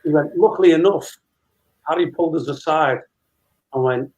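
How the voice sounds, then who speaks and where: A man's voice: a little high, moderate pace, a little mellow, muffled recording. A man in his fifties, a guest telling a long casual anecdote and acting out dialogue as he goes. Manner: chatty storyteller, re-enacting dialogue with laughs.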